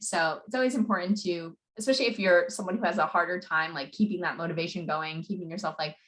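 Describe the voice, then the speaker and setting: A young woman coaching on public speaking in a casual talk, speaking quickly with many fillers. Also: fairly low pitch, fairly even intonation. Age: young adult. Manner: fast-talking, many "like" and "you know" fillers.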